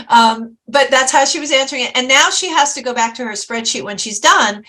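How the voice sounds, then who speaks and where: A woman talk-show host and success coach, chatty and animated, acting out quotes as she tells a story. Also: on the high side, fairly quick, few pauses.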